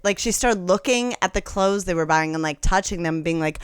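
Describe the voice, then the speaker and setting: A woman's voice: deep voice, fast, few pauses, clean tone, no room sound, studio quality. A young woman telling a funny story on a casual podcast, acting out other people's lines and laughing as she goes. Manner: animated, acts out quoted voices, laughs often. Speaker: guest comedian.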